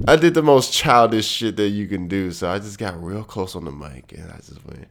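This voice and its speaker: A man's voice: low voice, animated, moderate pace. A man hosting his podcast in a loose, profane, joking monologue, his voice nasal and congested from a cold. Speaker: podcast host. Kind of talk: casual monologue.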